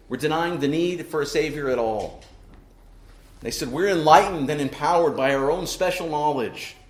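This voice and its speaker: A man's voice: medium pitch, reverberant. A man delivering a sermon as pastor, earnest and preaching, often tossing in rhetorical "right?" asides to the congregation.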